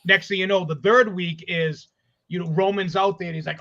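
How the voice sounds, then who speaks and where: A man co-hosting a casual sports podcast, rambling excitedly and swearing as he talks. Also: high voice, normal speed. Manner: excited, profane, rambling with restarts. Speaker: podcast co-host. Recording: dull lo-fi audio.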